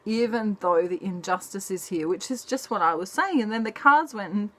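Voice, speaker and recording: A woman giving a chatty, casual tarot reading in a soft, unhurried manner. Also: mid-range voice, expressive. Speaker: tarot reader.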